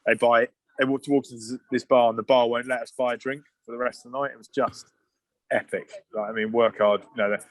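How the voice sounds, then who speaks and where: A man in his thirties telling loose, animated rugby stories in casual podcast chat. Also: mid-range voice, fast, no room sound. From England. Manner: animated, swearing anecdotes with asides and restarts. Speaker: guest, former rugby player.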